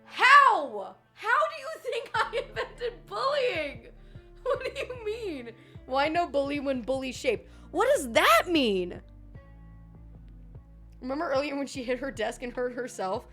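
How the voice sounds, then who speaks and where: A woman's voice: high-pitched, sing-song, a little slow, pushed and bright, faint music behind. A woman streamer chatting casually while reacting to a video, playful, swearing and laughing a lot.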